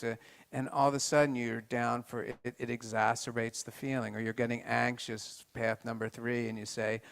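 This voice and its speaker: Gravelly man giving a halting talk. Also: medium pitch, little pitch movement, fairly bright tone. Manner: halting, with many restarts and questions to the audience. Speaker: health talk presenter. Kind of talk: informal lecture to a group.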